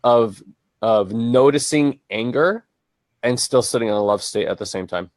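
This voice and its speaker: A man's voice: mid-range voice, normal speed, no room sound. A man co-hosting a casual coaching podcast, talking in a reflective, searching way with frequent restarts and fillers. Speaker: co-host and transformation coach.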